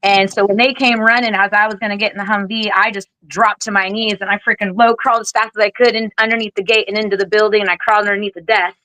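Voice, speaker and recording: A woman in her forties, a military veteran being interviewed, telling her story in a candid, blunt, animated way, with casual swearing and lively acted-out quotes. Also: mid-range voice, quick pace, few pauses, no echo, poor audio. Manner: animated, acts out other people's lines. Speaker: guest, Air Force veteran.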